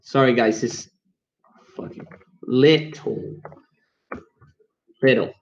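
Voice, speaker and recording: A man's voice: medium pitch, slow pace, gravelly, slight background noise. Man teaching English on a stream. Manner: coaxing, upbeat, talks straight to viewers. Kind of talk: live-streamed English lesson. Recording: dull lo-fi stream audio.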